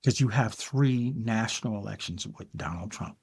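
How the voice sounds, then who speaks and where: A man's voice: fairly low pitch, normal speed, creaky, a little mellow, breathy edge. An older man hosting a podcast, giving solo political commentary in an emphatic way and addressing the listener directly with frequent "okay"s. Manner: emphatic, talks straight to the viewer with frequent "okay"s. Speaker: podcast host.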